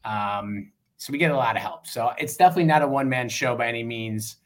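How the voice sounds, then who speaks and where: Easygoing man with a Western New York accent, medium-pitched, chatty guest with a ready laugh. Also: fast. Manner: relaxed, laughs easily, many fillers. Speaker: fan club chapter president. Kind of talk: casual podcast chat.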